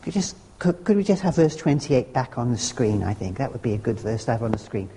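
A man's voice: mid-range voice, very animated, a little fast, warm tone, slight background noise. A man preaching a sermon, earnest and conversational, with homely humorous asides. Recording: long hall reverb.

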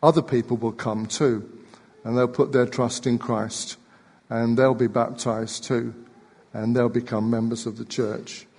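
A man preaches to his church in a calm, measured voice, pitched in the middle of the range. He often repeats a word as he goes on. The sound rings with the long reverb of a large hall. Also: slightly rough. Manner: gentle, measured, repeats words. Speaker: pastor. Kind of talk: sermon. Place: church sanctuary.

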